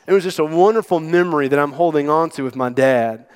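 A man preaching a sermon as pastor, emphatic and sometimes dropping to a hush. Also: fairly high pitch, fast, smooth. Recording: long hall reverb.

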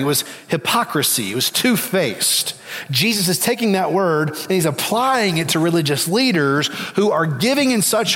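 A man's voice: a little high, a bit bright. Earnest preacher man in a reverberant hall. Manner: earnest, emphatic preaching with repeated appeals. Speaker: pastor. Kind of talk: sermon. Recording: long reverb of a large hall.

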